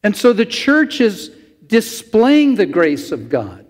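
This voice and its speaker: A man's voice: sits high, huge pitch swings, slow. A man preaching a sermon as pastor, talking through the verses in a conversational way with asides to the congregation. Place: church sanctuary. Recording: long church hall reverb.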